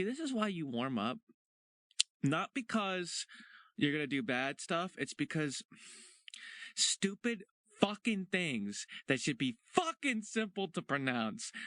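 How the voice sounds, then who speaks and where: A man stumbles through retakes of a line, muttering and swearing at himself. His voice is high and swings widely in pitch. He speaks slowly, with a bright, tense tone. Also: dry recording. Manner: frustrated, muttering and cursing at himself. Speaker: voice actor doing outtakes. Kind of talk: blooper reel.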